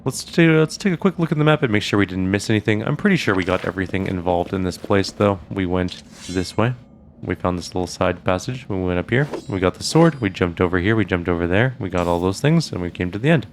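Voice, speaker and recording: A man hosting a let's play of a role-playing game, reading the text aloud and thinking out loud about his choices in a casual way. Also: low-pitched, animated, a little fast, a little hiss or hum. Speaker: gaming channel host.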